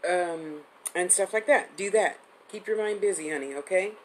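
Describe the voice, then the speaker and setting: Speaking at a moderate pace, her voice leans low, with a little hiss or hum on a low-quality recording. She's a woman in her fifties hosting a live-streamed psychic reading as a medium, affectionate and chatty, rambling and restarting.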